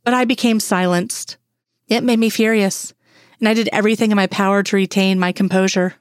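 A woman's voice: medium pitch, fairly even intonation, brisk, no echo. Woman reading a story, dry sound. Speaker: reader. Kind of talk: first-person fan fiction reading.

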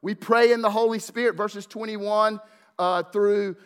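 A man preaching a sermon as pastor, fervent at his peaks and hushed at his close, repeating words as he builds emphasis. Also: sits high, fairly even intonation, a little slow, smooth. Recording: long hall reverb.

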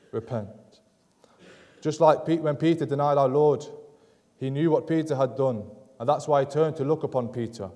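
Guy preaching a sermon, earnest and measured, darkish mellow voice, long church echo. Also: mid-range voice. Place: church sanctuary.

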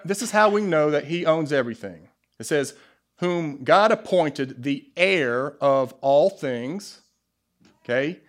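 A man with a Southern US accent preaching a sermon to his church, lively, with asides and jokes to the congregation. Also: fairly high pitch. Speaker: pastor. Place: church sanctuary.

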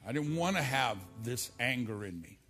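A middle-aged male pastor preaching a televised church sermon, telling stories and moving from loud, emphatic lines to low, quiet asides. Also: expressive, moderate pace, soft background music. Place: church service filmed for television.

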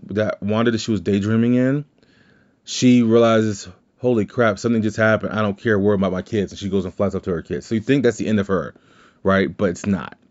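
Rambling man recapping a movie, lo-fi. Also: lowish voice. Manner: rambling, retells scenes with quoted lines. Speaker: podcast host. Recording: dull lo-fi sound.

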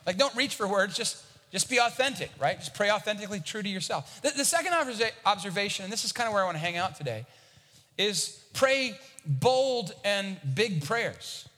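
A man's voice: high-pitched, animated, fast talker, pushed and bright, big-room sound. A man preaching a sermon as a pastor, talking conversationally and often repeating a word as he starts a thought.

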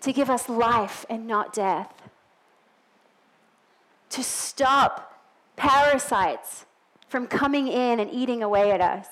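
A woman's voice: fairly high pitch, takes it slowly, long pauses, a bit bright, low-quality recording. A middle-aged woman with a non-American English accent, preaching a sermon in a church in a chatty way with joking asides.

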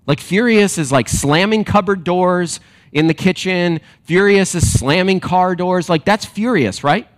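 A man preaching a sermon to a congregation, animated and emphatic, then dropping to quiet reflective questions. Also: sits high, a little slow. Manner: direct address to a congregation with rhetorical questions. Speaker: pastor.

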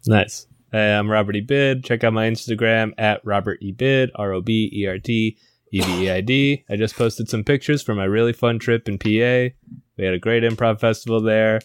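Low, smooth-voiced man pitching a story. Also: fairly even intonation, no echo, studio quality. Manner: rambling, laughing storyteller putting on quick voices. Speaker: improv comedy podcast co-host. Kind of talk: casual improv pitch and storytelling.

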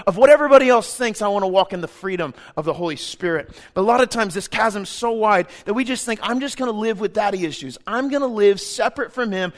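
A man preaching a sermon, impassioned, moving between hushed, tender passages and loud, fervent calls. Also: sits high.

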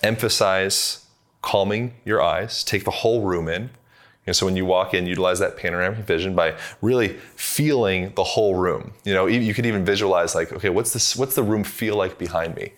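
Low-voiced man, loose and rambling. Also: brisk. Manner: relaxed, rambling explanations with many fillers. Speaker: podcast guest, movement coach. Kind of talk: conversational interview.

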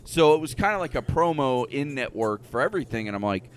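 A man's voice: medium pitch, sing-song, fast. Guy rambling in a casual podcast chat, swears a lot, trails off, bit of hiss behind. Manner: rambling, profane, trails off quietly. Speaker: podcast co-host.

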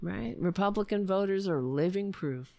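A woman's voice: mid-range voice, lively intonation, normal speed, creaky, warm tone, no room sound. A woman giving an angry, sarcastic political rant, swearing freely and muttering to herself between points. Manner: profane, sarcastic, muttering asides while searching. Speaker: political commentator.

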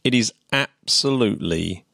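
A man with a lowish voice co-hosts a casual podcast, chatty and eager, laughing as he explains things. The sound is dry and close, with little room echo. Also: animated, measured pace, creaky, pushed and bright. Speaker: podcast co-host.

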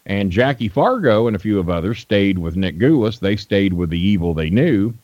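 With a fairly low, animated voice at normal speed and a darkish tone, a Louisville, Kentucky wrestling manager spins loose, foul-mouthed stories as an interview guest. The lo-fi sound is dry, with no room ambience.

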